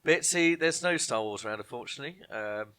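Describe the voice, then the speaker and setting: A man with a bright, forceful voice hosts a casual online quiz. He reads each question slowly and twice, dropping chatty jokes in between. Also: medium pitch, animated, clear, resonant tone. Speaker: quiz host. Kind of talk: casual live-stream quiz hosting.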